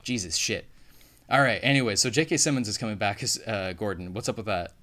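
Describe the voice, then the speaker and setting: A man's voice: fairly low pitch, brisk, bright, forceful tone. A man co-hosting a podcast in casual chat, rambling and swearing as he goes. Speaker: podcast co-host.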